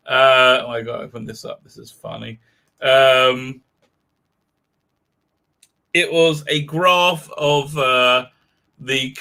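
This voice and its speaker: Bright-voiced man rambling on a live stream. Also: mid-range voice. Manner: rambling, sardonic, full of restarts. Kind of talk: casual live-stream commentary.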